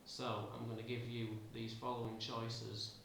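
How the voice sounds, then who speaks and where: Man doing cold middle-aged priestess, low and brisk, flat, gravelly, echoey far-off room. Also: slight background noise. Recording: roomy, distant amateur recording.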